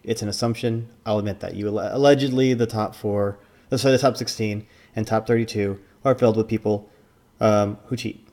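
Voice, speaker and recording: A man's voice: lowish voice, steady tone, brisk, a little mellow. A man and former card tournament judge giving casual commentary, rambling with lots of fillers and restarts.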